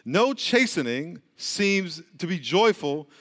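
A man's voice: sits high, sing-song, slow, fairly bright tone, in a large hall. A man preaching a sermon, telling stories and calling out to his congregation. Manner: storytelling with call-and-response to the congregation. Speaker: pastor.

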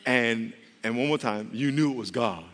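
A man preaching a sermon as pastor, conversational and humorous, with quick asides to the congregation. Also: medium pitch, a bit bright, long reverb tail.

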